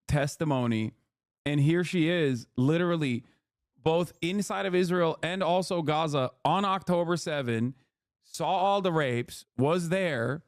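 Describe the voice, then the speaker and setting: A man's voice: fairly high pitch, smooth, no echo, studio quality. A man streaming live, reacting to videos in loose, sarcastic casual commentary and laughing as he talks.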